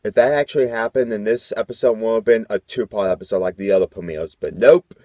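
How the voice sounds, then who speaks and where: A man giving fan reaction commentary, fast and excitable. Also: on the low side, heavy background noise. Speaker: fan reviewer.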